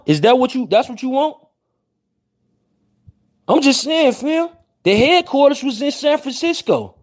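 High-voiced man firing rhetorical questions. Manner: animated, slangy, fires rhetorical questions. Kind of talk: heated casual commentary.

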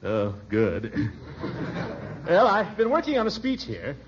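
An actor playing a blustering, flustered middle-aged official who stammers and chuckles, in 1940s radio acting style on a dull old recording. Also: male voice, a little high, wildly swooping pitch, slow pace, background noise, heavily acted. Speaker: pompous small-town official.

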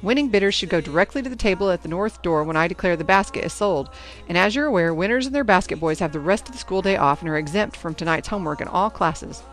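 A woman's voice: lowish voice, expressive, fast, soft background music, close to an everyday voice. A woman voicing a stern, formal booster club president running a school auction, with a commanding announcer manner.

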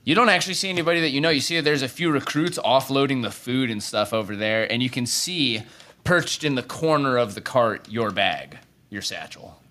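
A man's voice: mid-range voice, fairly quick, pushed and bright. A man narrating a tabletop game as game master, rambling with frequent restarts.

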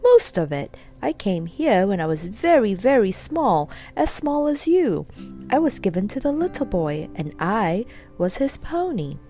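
A woman voicing a gentle, wise mother pony in a storybook reading, speaking in a soothing, motherly way. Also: medium pitch, sing-song, a little slow, soft background music.

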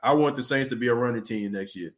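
A man's voice: medium pitch, fast talker. Guy hosting a laid back sports podcast, medium voice, chatty, keeps restarting words, reads listener comments. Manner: loose and conversational, restarts words, says "you know" and "man" often. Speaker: podcast host. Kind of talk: casual sports talk podcast.

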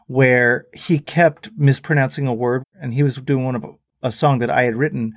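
A man's voice: mid-range voice, normal speed, no echo, clean studio sound. A man as a guest on a talk show, telling anecdotes and quoting the people in them. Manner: animated anecdotes with quoted voices. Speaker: musician guest. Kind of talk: casual storytelling interview.

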